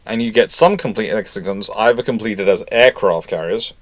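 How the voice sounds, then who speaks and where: With a lowish voice at a moderate pace and no echo, this history channel host chats casually while reading viewer comments aloud. He rambles and keeps correcting himself.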